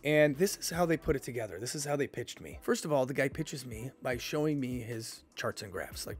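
A man who works as a YouTube consultant, talking skeptically and directly to his viewers in a casual commentary vlog. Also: a little high.

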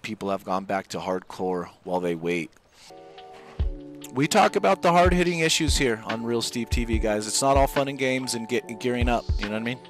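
A young man chatting casually as a gaming streamer, rambling and jokey with laid-back gamer slang. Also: on the low side. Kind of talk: casual joking chat. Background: background music.

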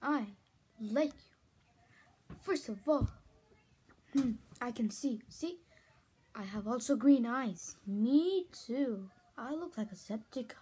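A woman chatting playfully as toy characters, giggly and excitable with sudden shouts. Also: a little high, takes it slowly, pauses often, slightly rough. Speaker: fan video host.

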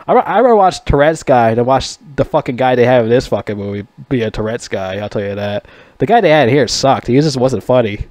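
A man's voice: medium pitch, expressive, a little fast, darkish tone, no echo. A man giving a casual, rambling movie review, swearing a lot and laughing at his own jokes. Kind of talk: casual rant.

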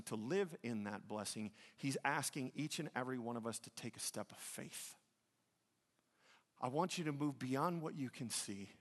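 A man preaching a sermon, swinging between loud, fast outbursts and low, hushed passages, retelling scripture in casual modern speech. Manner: acts out biblical dialogue in casual modern speech. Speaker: pastor. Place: large church hall. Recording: long church hall reverb.

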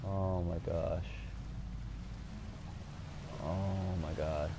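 A man giving let's play commentary, cursing often and jumping from quiet muttering to panicked shouts. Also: low-pitched, fairly even intonation, drawn-out words, very noisy. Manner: swears a lot, swings from muttering to panicked yelling. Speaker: gaming channel host.

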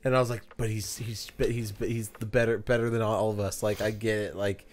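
A man co-hosting a casual podcast, relaxed and agreeable, laughing along with the others. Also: on the low side, fairly quick. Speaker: podcast co-host. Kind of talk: casual chat.

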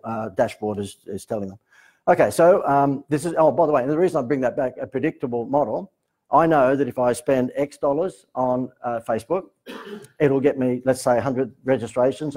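A man's voice: mid-range voice, dark tone, rough recording. A man with an Australian accent giving a live seminar talk to a room, telling stories in a joking, sarcastic way. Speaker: seminar presenter.

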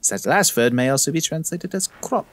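A man's voice: a little high, animated, brisk, a bit bright, slight background noise. A man reading a medieval traveler's journal aloud in an attempted French accent, in a solemn tone.

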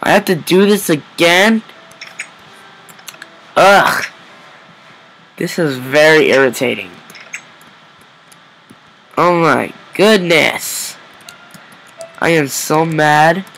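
A man's voice: a little high, animated, slow pace, creaky, pauses often, fairly bright tone, faint music behind, low-quality recording. A man giving let's play commentary, talking to himself while he plays and breaking into frustrated outbursts. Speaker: gameplay video creator.

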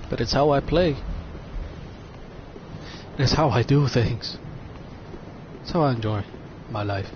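A man's voice: mid-range voice, takes it slowly, pauses often. An American man giving casual, profane, joking commentary while playing a game at home. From United States. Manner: profane joking trash talk. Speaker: gaming YouTuber. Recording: dull lo-fi sound with steady noise.

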